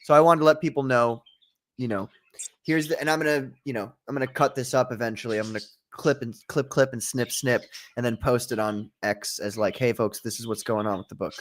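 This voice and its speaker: A man hosting his own livestream in a rambling, self-deprecating way, stopping and restarting his thoughts. His voice is mid-pitched for a man. He talks loosely and casually. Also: steady tone, brisk. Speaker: comic book creator and stream host.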